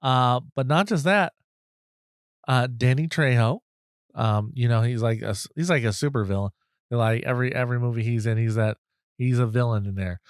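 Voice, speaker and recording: A man's voice: mid-range voice, moderate pace, clear, resonant tone, no room sound, studio quality. A middle-aged man hosting a podcast, telling a self-deprecating story in a rambling, casual way, restarting his sentences often. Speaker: podcast host. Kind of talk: casual anecdote.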